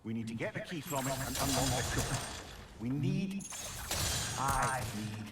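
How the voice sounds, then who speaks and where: A grave game companion. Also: male voice, mid-range voice, lively intonation, measured pace, a bit bright, a little hiss or hum. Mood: solemn.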